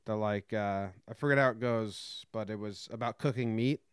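A man co-hosting a casual talk show, wry and animated, mock-singing snippets as he talks. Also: lowish voice, normal speed, clean tone, no echo, studio quality. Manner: wry, animated storyteller, mock-sings bits. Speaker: podcast co-host. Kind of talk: casual chat.

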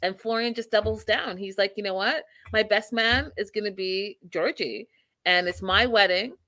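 A woman's voice: medium pitch, moderate pace, pushed and bright. A woman hosting a casual live-stream recap of reality TV, chatty and opinionated, with many fillers.

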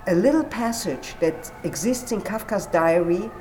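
A woman's voice: mid-range voice, animated, unhurried, darkish tone, slight background noise, rough recording. A woman explaining a story in a thoughtful conversational way. She searches for words, often says "you know", and acts out quoted lines with animation. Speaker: guest speaker on literature.

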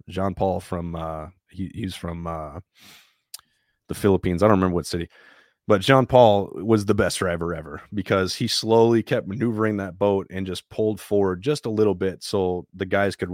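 A man telling a story in a casual, plain-spoken and animated way, sometimes swearing. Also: deep voice, no echo, clean studio sound.

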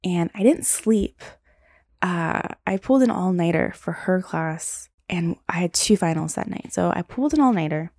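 A young female podcast host, her voice lowish and a little mellow, tells a long personal story with animation at normal speed. She rambles, swears freely, and uses "like" constantly, recorded with clean studio sound and no echo.

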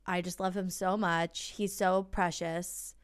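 A woman in her thirties chatting casually with a friend, an animated storyteller who laughs often. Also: fairly low pitch, takes it slowly, clean tone. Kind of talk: casual chat.

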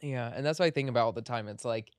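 Rambling low-voiced podcast host. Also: very fast, no echo, clean studio sound. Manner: rambling, heavy "like" fillers, playful. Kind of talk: casual chat. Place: podcast studio.

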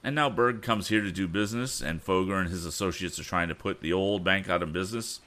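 A man's voice: low-pitched, brisk, a bit bright. A man voicing a bold, righteous young male inventor who talks in firm, spirited retorts. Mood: musing.

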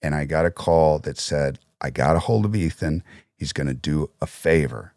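A man talking as a podcast guest, telling animated anecdotes in casual, swearing conversation on a studio mic. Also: rumbling low, normal speed, no echo.

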